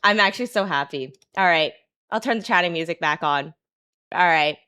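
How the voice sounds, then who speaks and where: A woman streamer in excitable, giggly casual chat, often repeating herself. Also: lowish voice, fairly quick, clean tone.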